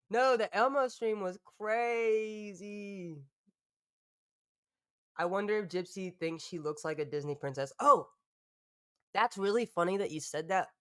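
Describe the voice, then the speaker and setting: A woman's voice: on the low side, dry recording, studio quality. A woman hosting a live stream in loose, rambling chat, swearing freely and laughing often.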